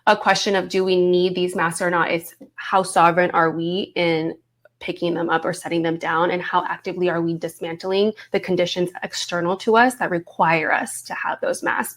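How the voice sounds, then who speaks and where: Give me a woman in her thirties teaching a course, reflective and steady. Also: fairly low pitch, moderate pace. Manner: reflective, warm teaching tone with frequent "right?" check-ins. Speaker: voice coach. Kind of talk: teaching a recorded online course.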